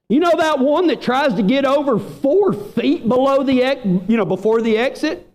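With an extremely high pitch, a Texan pastor speaks at a normal speed with few pauses. His sermon is animated storytelling in which he performs quoted friends' lines in voices.

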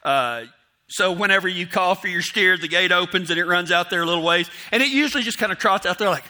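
Man, higher-pitched, very bright tone; rambling self-mocking storyteller who plays out his own inner voice. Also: fast. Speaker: storyteller speaking to an audience. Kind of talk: casual storytelling.

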